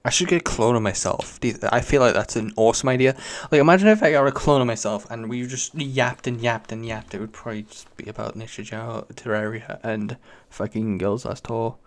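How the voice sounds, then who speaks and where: A man's voice: mid-range voice, fairly quick. A young British man hosting a solo podcast, rambling casually with lots of swearing and self-mockery. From Britain. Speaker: podcast host.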